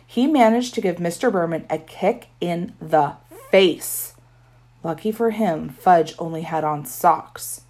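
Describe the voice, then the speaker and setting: A woman's voice: lowish voice, takes it slowly, a little mellow. A woman narrating a children's story in first person with a wry tone. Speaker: audiobook narrator.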